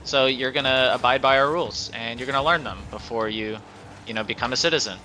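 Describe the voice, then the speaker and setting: A man's voice: mid-range voice, quick pace, pushed and bright, slight background noise. A man in casual chat as a podcast co-host, talking in a blunt, assertive way.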